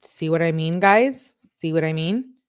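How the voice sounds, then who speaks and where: Female true crime vlogger, lower voice, reads texts fast with sarcastic asides; dry, close sound. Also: expressive, smooth, no room sound. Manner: quick, sarcastic asides between read-out texts. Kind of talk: reading text messages aloud with commentary.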